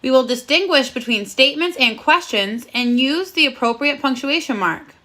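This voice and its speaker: Bright, lively woman teaching first graders. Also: sits high. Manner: encouraging, slow and clearly enunciated, sounding out words. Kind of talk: recorded phonics lesson for children.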